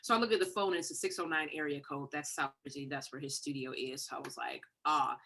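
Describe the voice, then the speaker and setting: Guest spot: middle-aged Detroit woman, lower pitch, bright forceful tone, lively storyteller on a video call. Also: fast. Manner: animated, acts out quoted voices. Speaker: guest songwriter. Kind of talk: casual storytelling.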